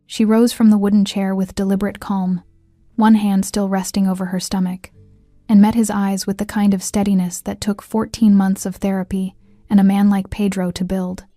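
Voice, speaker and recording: A woman giving a measured, scripted narration of a story. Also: medium pitch, no room sound, clean studio sound. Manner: measured, even reading. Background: faint music.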